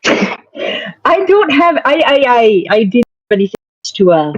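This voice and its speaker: A woman player in a tabletop game, casual and quick to laugh. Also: a little high, very animated, dry recording, muffled recording.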